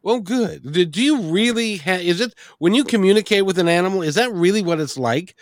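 A man's voice: high voice, expressive, fairly quick, no echo, studio quality. A man hosting, asking curious questions and laughing easily in casual talk. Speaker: host. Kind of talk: casual interview.

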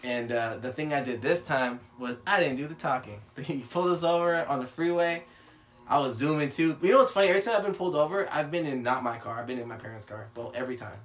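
A man's voice: mid-range voice, quick pace. Swearing young man telling a story. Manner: animated, swears a lot, acts out quotes. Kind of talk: casual storytelling chat.

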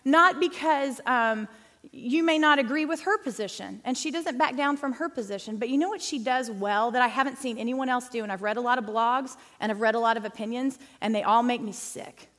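A woman's voice: fairly high pitch, brisk, a bit bright. A woman speaking to a church group in a chatty, emphatic teaching style, often calling the audience guys and y'all. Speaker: women's ministry speaker. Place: church hall. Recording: long hall reverb.

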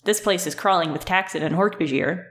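A woman voicing a terse teenage boy leader in a deliberately bland voice. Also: fairly low pitch, close to an everyday voice. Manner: flat and bland.

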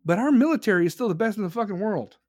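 A young podcast host with a slightly higher-than-average voice tears through an angry, profanity-heavy political rant. His delivery is expressive and racing. The recording is close and dry, with no echo or room sound.

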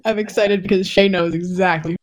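A woman's voice: lowish voice, fairly even intonation, brisk. A woman playing a tabletop game, chatting with lots of fillers and frequent giggles. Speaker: player.

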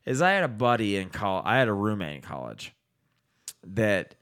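Animated man telling a profane story. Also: fairly low pitch, normal speed. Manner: animated, profane, laughs while telling stories. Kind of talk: casual podcast chat, storytelling.

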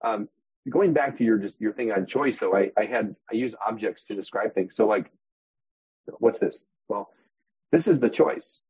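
A man's voice: fairly low pitch, normal speed, darkish tone, husky, no room sound. A man as a guest on a real estate podcast, talking animatedly and acting out voices and examples. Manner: demonstrative, acts out inner voices, uses props as metaphors. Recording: dull muffled podcast audio.

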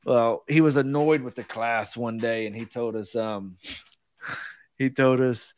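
Brief: Texan storyteller, mid-pitched, close dry mic, acts out the punchlines. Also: male voice, unhurried, dry recording. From Texas. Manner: animated anecdote teller, acts out quoted lines. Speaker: podcast co-host. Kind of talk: casual storytelling.

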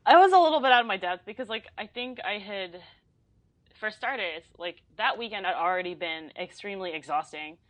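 A woman in her twenties, a podcast guest talking casually, chatty and quick to laugh, with lots of fillers. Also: medium pitch, animated, no echo. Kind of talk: casual conversation.

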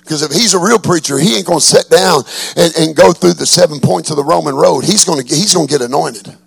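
A male pastor preaching a sermon, telling a story with animation and rising to fervent shouts. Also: a little high, fairly quick, gravelly, breathy edge, dry recording.

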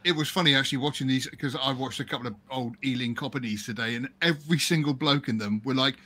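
A man's voice: mid-range voice, quick pace, bright, forceful tone. A British man hosting a casual podcast chat, jokey and rambling. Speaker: host.

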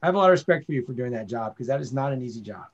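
A man chatting casually on a podcast, chiming in with quick teasing remarks. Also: mid-range voice, animated, dull audio. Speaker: podcast co-host. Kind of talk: casual chat.

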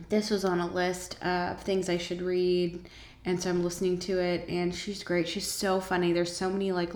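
Slow-talking chatty woman, echoey room. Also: fairly low pitch. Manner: chatty, lots of ums, enthusiastic asides. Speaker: vlogger. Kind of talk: casual chat about shows and books.

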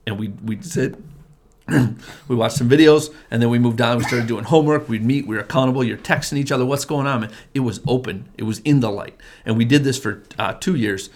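Speaking a bit quickly with a medium-pitched, somewhat dark voice, this middle-aged man recounts his testimony with sincerity. He's a family pastor and men's group leader, and in this relaxed conversation he often starts over and repeats himself.

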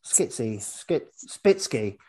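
A man's voice: medium pitch, very animated, slow pace, warm tone, slightly rough. A man hosting a podcast, recapping a horror film in rambling, wry casual chat and swearing freely. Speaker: podcast host.

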